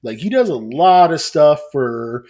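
A man's voice: a little high, animated, a little slow, a little mellow. Casual male podcast co-host in his thirties who rambles, restarts and swears.

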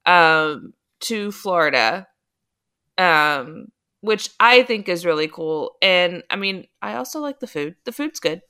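A woman co-hosting a casual podcast, talking things through patiently and often pausing on filler sounds. Her voice sits a little low yet sounds bright and crisp, with a smooth, clean tone. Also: animated. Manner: patient, explanatory, frequent um fillers. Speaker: podcast co-host. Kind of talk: casual chat.

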